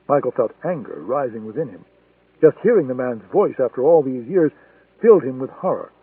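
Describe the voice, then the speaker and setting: A man reading a thriller audiobook in a steady, measured way. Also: medium pitch, husky, no room sound. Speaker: audiobook narrator. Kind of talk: scripted thriller narration. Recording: tinny phone-like sound, dry.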